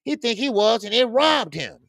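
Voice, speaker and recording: A man hosting a boxing talk stream, speaking casually and loudly, cursing freely, repeating himself and reading viewer comments aloud. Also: very high-pitched, moderate pace, dry recording, clean studio sound. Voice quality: loud, animated, profane, repeats himself. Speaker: boxing show host.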